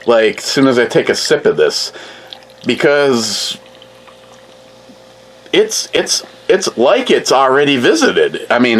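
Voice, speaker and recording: Man with a wildly swinging pitch. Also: a bit bright, rough recording. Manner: rambling, joking, swears freely. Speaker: host reviewing drinks. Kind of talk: casual drink review vlog.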